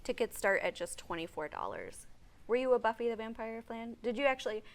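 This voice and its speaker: A woman's voice: fairly high pitch, expressive, fairly quick. A woman hosting a morning show, chatting casually and reading out event listings with frequent laughter. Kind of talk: casual studio chat.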